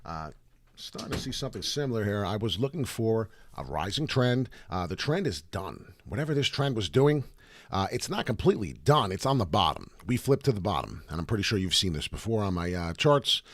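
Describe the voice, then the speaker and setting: Male crypto livestream host, lowish but bright tone, rambling and profane, slight morning rasp. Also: a little fast, no room sound. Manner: animated, rambling, swears freely. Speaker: crypto chart analyst host. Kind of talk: casual livestream market commentary.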